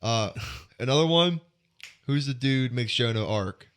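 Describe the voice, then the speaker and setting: A man's voice: medium pitch, animated, unhurried, fairly bright tone, clear, resonant tone. A man co-hosting a podcast, talking in a casual, rambling way with a nasal voice and lots of swearing. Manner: rambling, profane, joking. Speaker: podcast co-host. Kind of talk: casual chat.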